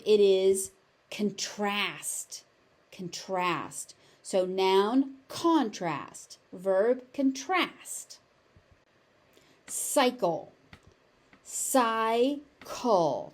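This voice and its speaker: A woman with a General American accent teaching pronunciation, repeating each word slowly and enunciating clearly. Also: medium pitch, mellow. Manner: slow, deliberate, exaggerated enunciation of each word. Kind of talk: pronunciation lesson, slow drilled word repetition.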